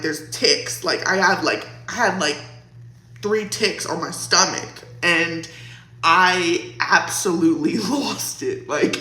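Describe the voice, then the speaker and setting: A woman's voice: lowish voice, pushed and bright. A young woman vlogger casually telling a storytime, chatty and laughing, with lots of "like". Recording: roomy echo.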